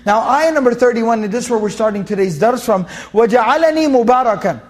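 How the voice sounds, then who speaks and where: Brief: male Quran teacher with a high voice, emphatic and repetitive, chants verses. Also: fast. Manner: emphatic, repeats key phrases; recites Arabic verses in a chanting tone. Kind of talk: Quran commentary lesson.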